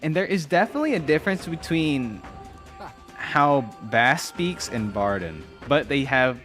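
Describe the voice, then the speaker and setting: An American man streams a game, chatting casually as he plays, reading on-screen text aloud, musing, and trailing off. His fairly high, somewhat bright voice is animated at a measured pace, with soft music in the background.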